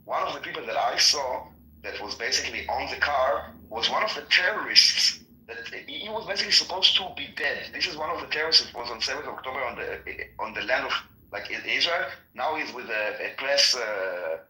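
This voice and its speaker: A man's voice: medium pitch, fairly quick, bright, forceful tone, roomy sound, poor audio. A man in casual political talk, speaking earnestly with many restarts and fillers.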